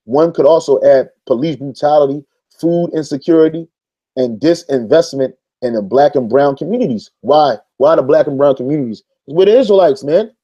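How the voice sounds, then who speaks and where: A man's voice: fairly high pitch, fairly quick, dark tone, muffled recording. A man preaching informally, reading an article aloud and arguing back at it, with street-casual talk full of "man". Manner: stops to reread passages and argue back. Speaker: religious commentator.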